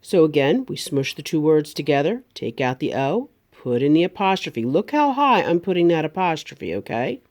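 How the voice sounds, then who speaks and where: A woman teacher, giving a remote grammar lesson to young students and speaking slowly, over-enunciating each word. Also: low-pitched, sing-song, darkish tone.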